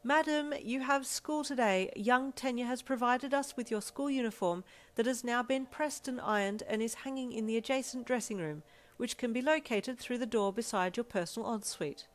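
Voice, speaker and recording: A woman voicing a prim household servant who speaks in a crisp, formal, precise manner. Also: on the high side, normal speed, pitched above the performer's own voice, lightly acted.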